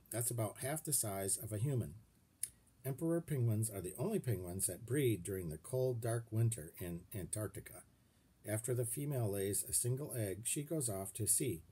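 A man reading a children's chapter book aloud in an expressive way, stopping to show pictures and check in with his listeners. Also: on the low side, slightly rough. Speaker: reader to children.

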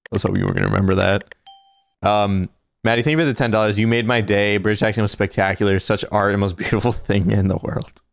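A man's voice: on the low side, fairly even intonation, a little fast, vocal fry, no echo. A man hosting a casual gaming livestream, chatting playfully and reading out donations. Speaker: livestream host.

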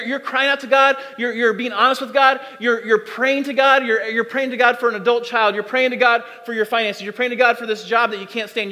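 A man with a high, light voice preaches with earnest, repetitive appeals to his listeners. His words ring out with a long reverb, as if in a large church hall. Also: pushed and bright. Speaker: pastor. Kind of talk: sermon. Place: church auditorium.

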